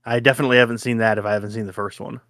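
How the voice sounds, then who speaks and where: A man in his thirties co-hosting a podcast, chatting casually and excitedly, swearing often and acting out his own reactions. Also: lowish voice, very fast, no room sound, studio quality. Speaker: podcast co-host. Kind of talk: casual chat.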